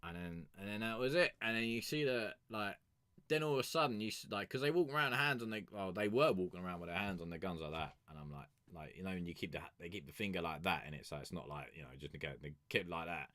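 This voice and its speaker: A man's voice: low-pitched, animated, quick pace, sharp tone, dry recording. A young man hosting a music review stream, telling a rambling, sweary story in a casual chat.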